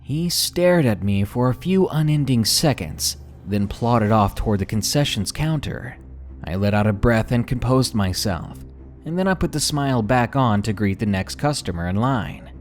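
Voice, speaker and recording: A man narrating true scary stories in scripted, expressive storytelling. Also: medium pitch.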